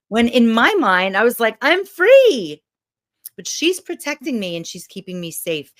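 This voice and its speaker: A woman's voice: on the low side, a bit bright. A woman giving a motivational talk, guiding listeners through breathing and visualizing exercises. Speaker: motivational speaker.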